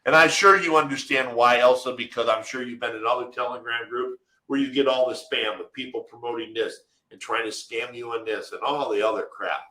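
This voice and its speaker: A man's voice: mid-range voice, steady tone, brisk, few pauses, sharp tone, roomy sound, poor audio. A man co-hosting a live webinar, answering viewer questions from the chat in an emphatic, direct way. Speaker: webinar co-host.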